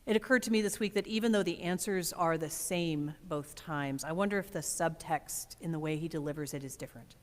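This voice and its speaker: A woman pastor delivers a thoughtful, expressive sermon, pausing for weight. Her voice sits on the low side. It rings out with the long reverb of a church sanctuary. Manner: reflective, expressive preaching with dramatic pauses.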